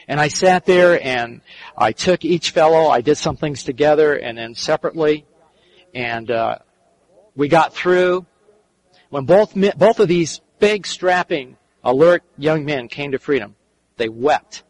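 Earnest older preacher. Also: male voice, a little high, expressive, unhurried, low-quality recording. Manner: earnest, repeats and restarts phrases, drops soft and quiet in the tender parts. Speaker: preacher and counselor. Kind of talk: sermon storytelling.

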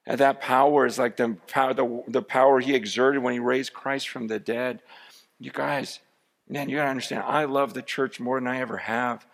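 A man's voice: medium pitch, steady tone, normal speed. A man preaching a sermon in a conversational, anecdotal way, with many restarts. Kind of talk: sermon storytelling.

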